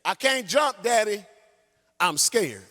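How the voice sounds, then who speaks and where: A man's voice: high voice, animated, slow, sharp tone, pitched above the performer's own voice, exaggerated voice. A man preacher voicing a terrified little boy trapped by a fire, crying out and pleading. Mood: scared pleading. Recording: long church hall reverb.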